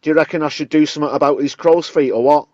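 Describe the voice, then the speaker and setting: A man's voice: a little high, fairly even intonation, rapid-fire, a little mellow, no room sound, close to an everyday voice. A man doing a brash Mancunian woman politician. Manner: cocky, combative, slangy. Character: brash, blunt northern female deputy prime minister. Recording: dull, dry lo-fi recording.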